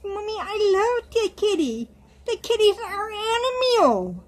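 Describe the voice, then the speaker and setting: A woman voicing a sweet, cheeky little girl doll talking to her mommy in a high childlike voice. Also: sing-song, unhurried, exaggerated voice. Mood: cheerful.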